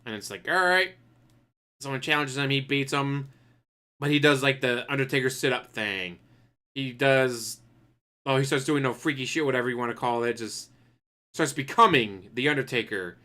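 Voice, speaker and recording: A man streaming, ranting in a loose, profane way with a bright, forward tone. He breaks off to act out what people might say in put-on voices, his pitch sitting in an ordinary middle range. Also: moderate pace. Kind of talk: casual ranting commentary.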